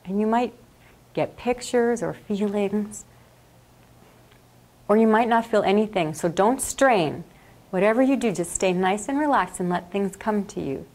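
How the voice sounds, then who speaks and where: A woman leading a workshop, guiding a group through a meditation in a slow, calm and soothing way. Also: mid-range voice. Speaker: workshop leader. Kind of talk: guided meditation. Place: classroom or workshop.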